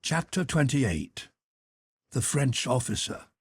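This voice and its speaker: A man reading a classic novel aloud as an audiobook narrator, expressive and dramatic. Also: mid-range voice, takes it slowly, breathy edge, dry recording, clean studio sound. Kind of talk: scripted narration.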